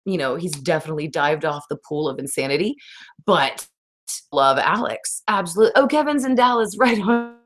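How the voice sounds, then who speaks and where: A woman, hosting a casual livestream chat, rambling and reading out viewer comments in a raspy voice. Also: deep voice, fairly bright tone. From Texas. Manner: rambling, laughs often, reads viewer comments. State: raspy today. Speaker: livestream host.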